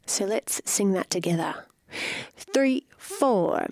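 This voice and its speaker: A woman's voice: mid-range voice, animated, a little slow, no echo. A woman hosting a chat and then patiently teaching vocal harmonies, counting the singers in. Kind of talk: casual chat and singing lesson.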